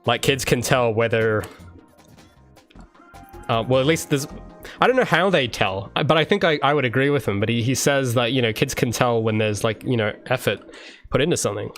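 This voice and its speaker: Young man, casual livestream chat, excited rambling, faint music behind. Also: medium pitch, normal speed. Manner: enthusiastic rambling with many restarts and fillers. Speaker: game developer streaming his work.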